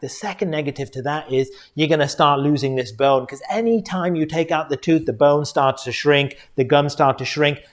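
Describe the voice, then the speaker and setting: A middle-aged male dentist giving an earnest educational talk, speaking directly to viewers and calling them folks. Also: mid-range voice.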